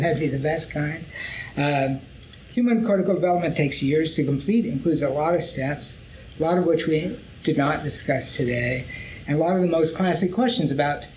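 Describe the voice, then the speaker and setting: Measured man hosting a science podcast. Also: fairly high pitch, a little mellow, a little hiss or hum, rough recording. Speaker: podcast host. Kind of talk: academic panel podcast.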